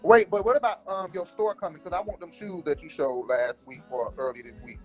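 A man hosts a casual livestream chat, joking and apologizing in a playful back-and-forth. His voice is slightly high for a man. Faint music plays in the background. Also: brisk. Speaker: host.

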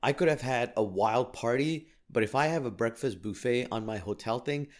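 A middle-aged man talking casually to his listeners in a voice of ordinary pitch. He rants in an animated, self-mocking way and sounds exasperated. He often stumbles and restarts. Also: normal speed. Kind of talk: casual storytelling rant.

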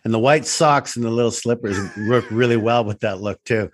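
A man's voice: medium pitch, a little fast. A man hosting a casual chat, reacting with jokes, laughs and frequent swearing. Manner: reactive, joking, swears freely.

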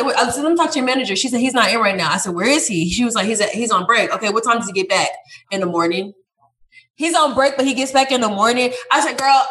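A woman's voice: medium pitch, a bit bright. A young woman in casual podcast chat, animatedly telling a story, acting out quotes and swearing freely.

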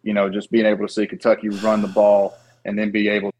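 A man calmly talking about a team's offense, steady and measured with frequent fillers. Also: fairly low pitch, rough recording. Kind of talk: sports commentary clip.

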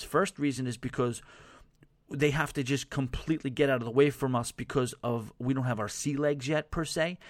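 A man's voice: mid-range voice, dry recording. Chatty man hosting a podcast, dry sound. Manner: chatty and rambling, with many fillers and chuckles. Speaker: podcast host. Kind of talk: casual podcast storytelling.

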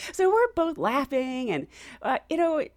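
A middle-aged American woman telling a travel story in a chatty, animated way, laughing often and acting out what she and others said. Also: high voice, unhurried, no echo, studio quality. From United States.

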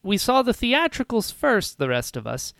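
A woman hosting a podcast, recapping a film in casual chat with lively retellings. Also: a little high, vocal fry, no echo, studio quality. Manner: animated retelling with quick character voices. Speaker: podcast host.

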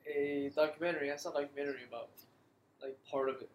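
A man co-hosting a casual podcast, swearing freely and laughing often. His voice sits a bit high. It was recorded in an echoey room with a faint hiss underneath. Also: flat delivery, quick pace. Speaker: podcast co-host. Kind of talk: casual chat.

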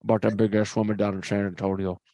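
A man co-hosting a comedy podcast, chatting casually and reading out crude jokes in a deadpan way. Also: on the low side, fast talker, no room sound. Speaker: podcast co-host.

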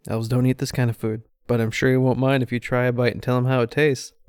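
A man's voice: mid-range voice, little pitch movement, fast talker, darkish tone, clean tone, dry recording, voice pushed up, natural voice. A man voicing an easygoing grown man who humors a child with dry, good-humored teasing. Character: easygoing adult stepfather, gently joking.

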